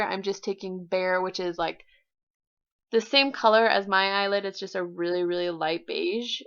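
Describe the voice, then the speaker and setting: A woman's voice: mid-range voice, a bit bright, clean tone. A woman doing a chatty makeup tutorial voiceover with self-mocking asides. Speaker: beauty vlogger. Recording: slightly dull voiceover audio.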